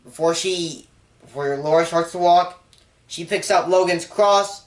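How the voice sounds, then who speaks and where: Young male reviewer with a somewhat high voice, recapping a movie casually and getting excited, recorded in a roomy space. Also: a little slow. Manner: excitable, with sudden jumps in pitch and volume. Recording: echoey room.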